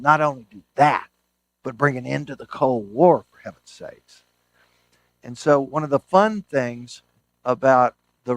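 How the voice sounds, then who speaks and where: An animated man lecturing about history, spinning anecdotes with real enthusiasm and frequent restarts mid-sentence. His voice sits at an ordinary middle pitch, and the sound is close and dry. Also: no room sound. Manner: enthusiastic storyteller, self-correcting restarts. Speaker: historian and author giving a book talk.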